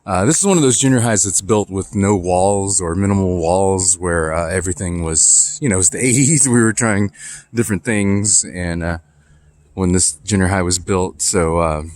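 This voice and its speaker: A man's voice: deep voice, normal speed, a little mellow. A man in his forties vlogging casually while out on a walk through his neighborhood, chatting in a rambling, nostalgic way with plenty of fillers. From Texas. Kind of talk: casual walking vlog. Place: outdoors walking through a neighborhood. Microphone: phone camera held while walking.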